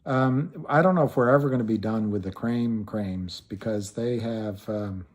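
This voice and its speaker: A man's voice: lowish voice, moderate pace, a little mellow. A man hosting a casual livestream, rambling with frequent restarts and trailing thoughts, and greeting viewers by name as he answers them. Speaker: livestream host.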